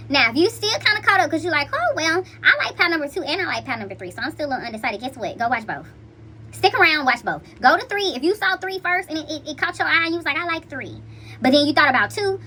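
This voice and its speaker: A high, bright-voiced woman hosts a casual tarot reading and chats to her viewers in a playful, slangy way. Her pitch swings up and down with lots of life. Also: slight background noise. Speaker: intuitive card reader.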